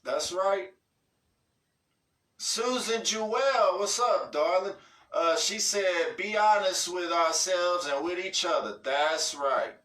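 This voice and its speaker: A man's voice: high-pitched, slow pace, fairly bright tone. A man hosting a livestream, reading out viewer comments in a laid-back, slangy, profane way and cracking up often. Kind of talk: casual livestream chat.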